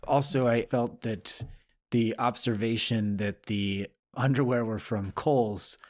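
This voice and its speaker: A man co-hosting a podcast over a video call, giving dry, deadpan remarks and reading the show's sign-off. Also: mid-range voice, slow pace. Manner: dry, deadpan humor, hesitant restarts. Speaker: podcast co-host. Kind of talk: casual chat and show sign-off.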